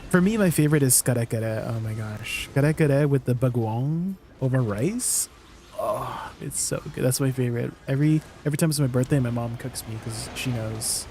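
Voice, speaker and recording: A slightly mellow, medium-pitched voice at a moderate pace, with a bit of hiss or hum, belongs to a young Canadian man. Speaking with a Canadian English accent, he chats playfully with his live gaming stream's viewers and asks them questions.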